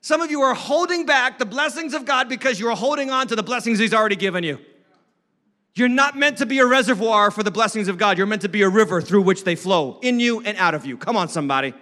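A man preaching from the pulpit with a high, bright, ringing voice that carries a long hall reverb. He is emphatic and animated, and now and then mocks imagined critics in put-on voices. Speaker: lead pastor. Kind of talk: sermon. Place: church sanctuary.

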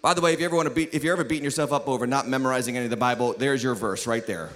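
A man preaching a sermon as lead pastor, telling the story with jokes and sudden shouts. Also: medium pitch, very fast, a little hiss or hum. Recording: long hall reverb.

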